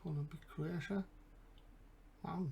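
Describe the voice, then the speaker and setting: A man's voice: on the high side, steady tone, measured pace, creaky, a little mellow, a little hiss or hum. A man with an English accent, casually commentating a game and thinking aloud with mumbled asides. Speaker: gaming channel host.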